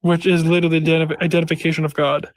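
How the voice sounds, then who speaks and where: A man in a casual voice-chat debate, explaining his point slowly and repeating himself step by step. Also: fairly high pitch, level tone, dry recording. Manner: slow, repetitive explaining, drawing out words.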